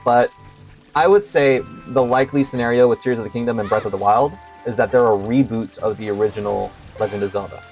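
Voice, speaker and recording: A young male streamer talks through his gameplay in a casual, unpolished way. He hesitates often and fills gaps with filler words. His voice sits at an ordinary pitch, with faint music underneath. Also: brisk, a little mellow.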